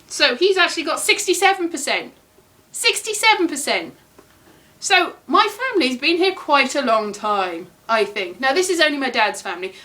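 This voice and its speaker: A woman's voice: on the high side, pushed and bright. A woman from Britain chatting casually to camera as a vlogger, rambling and playful. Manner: chatty, rambling, playful sing-song teasing.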